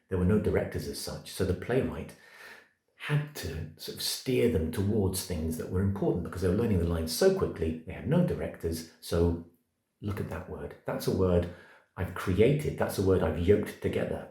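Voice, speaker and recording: Deep emphatic man coaching actors. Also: mellow. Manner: emphatic, words spelled out one by one, rhythmic. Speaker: acting coach. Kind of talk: acting masterclass. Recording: echoey room.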